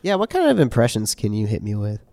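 A man co-hosting a podcast, laid-back and deadpan in casual banter. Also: on the low side, fast talker. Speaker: podcast co-host.

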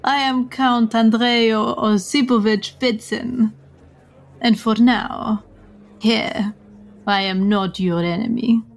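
A woman voicing a polite, quietly menacing male count with a put-on Russian accent. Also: fairly high pitch, steady tone, takes it slowly, vocal fry. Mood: courteous.

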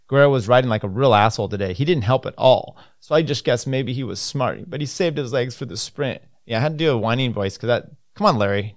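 A man's voice: mid-range voice, dry recording, studio quality. A man hosting a casual solo podcast, reading news items aloud and adding loose, rambling asides with many fillers. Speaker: podcast host.

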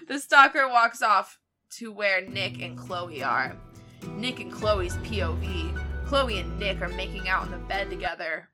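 A woman's voice: mid-range voice, lively intonation, normal speed, over music. A young woman co-hosting a podcast, reading fan fiction aloud with frequent laughter and asides. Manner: laughs often, reads stiffly then comments. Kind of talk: giggly comedic read-aloud with silly voices.

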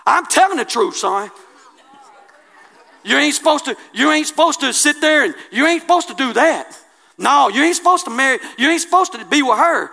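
A man preaching a sermon, colloquial and impassioned, swinging from hushed asides to loud declarations. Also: very high-pitched, animated, normal speed, gravelly.

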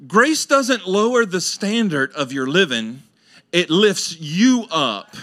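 A middle-aged man preaching a sermon, animated and colloquial, swinging between loud high exclamations and quiet low asides. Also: slow. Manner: colloquial, acts out listeners' voices, laughs often. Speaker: pastor. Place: church sanctuary.

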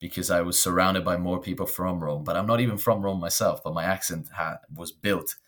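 A man's voice: deep voice, fairly quick. A young Italian man, whose first language is Italian, telling stories about his life in a casual interview. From northern Italy. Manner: storytelling, animated when quoting others. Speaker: guest.

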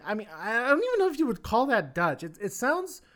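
A man co-hosting a casual podcast chat, hesitant, with many fillers and quick restarts. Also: very high-pitched, sing-song, a bit bright. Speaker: podcast co-host.

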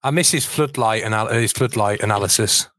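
A man's voice: fairly low pitch, brisk, a bit bright, no room sound, clean studio sound. A man from England co-hosting a casual football podcast over a video call, wry and joking, often stumbling over words. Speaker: podcast co-host.

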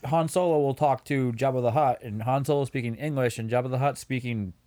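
This is a man talking as a podcast co-host in easy casual chat. He sounds measured and plain. He keeps things moving by asking questions as he goes. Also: medium pitch, warm tone.

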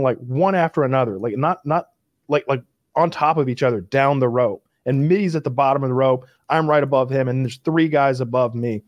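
A man's voice: mid-range voice, darkish tone, dry recording, highs cut off. A man telling a story in casual chat with friends, swearing freely and leaning on fillers.

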